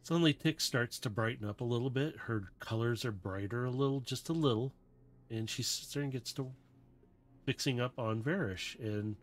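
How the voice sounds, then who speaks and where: Relaxed male game master narrating casually. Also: medium pitch. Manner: casual, loose, with many "kinda".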